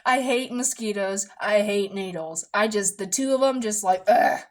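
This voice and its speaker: A woman telling a story in a casual vlog, dramatic and animated, often swearing and acting out the voices of others. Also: medium pitch, moderate pace.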